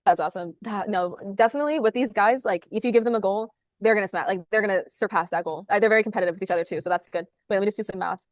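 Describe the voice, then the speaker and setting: A woman, a sales manager, talking fast and upbeat as an interview guest over a video call, with lots of "like" fillers. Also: medium pitch, no room sound, studio quality. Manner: rapid, upbeat, full of "like" fillers.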